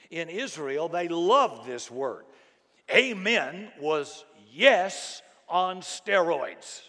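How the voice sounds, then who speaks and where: A middle-aged pastor preaching in a church, his fairly high voice ringing out with a long hall reverb. He swings from booming, shouted emphasis down to hushed, low asides. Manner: dynamic preaching, bursts into loud emphatic shouts then drops low. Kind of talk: sermon. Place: church sanctuary.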